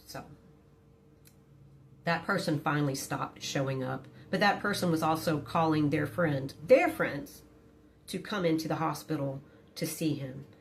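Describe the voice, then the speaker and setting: A middle-aged woman telling a personal story in a casual storytime, blunt and profane but quiet, never raising her voice. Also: measured pace, a little hiss or hum. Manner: quiet, low-key delivery.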